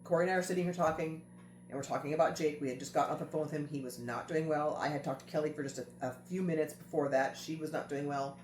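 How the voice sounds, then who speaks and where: A woman's voice: low voice, fairly even intonation, fast talker, darkish tone, slight background noise. A woman host telling a family story in a casual chat, earnest and repeating phrases for emphasis. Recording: roomy echo with faint music.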